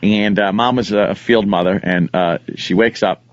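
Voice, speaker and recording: A man hosting a casual chat, telling crude stories in an animated way and laughing often. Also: lowish voice, normal speed, no echo. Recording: dull lo-fi studio audio.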